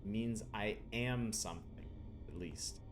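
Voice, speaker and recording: A man voicing a gloomy young adult female cat from a game, speaking low, quiet and slow. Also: animated, music in the background, natural voice. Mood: brooding. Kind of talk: game dialogue read aloud.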